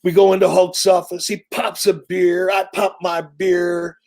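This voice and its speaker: His voice sits high and his pace is measured as this man in his sixties shares stories during an interview. The telling is casual, animated and punchy, and he doesn't shy away from cursing.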